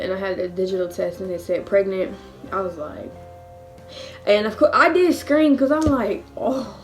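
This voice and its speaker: A young woman in her twenties chats through a storytime vlog, lively and full of laughs as she acts out the voices of family and friends. Her voice sits at an ordinary middle pitch, and faint music plays underneath. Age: 20s. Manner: animated, acts out quotes with laughs. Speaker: vlogger. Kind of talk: casual storytime.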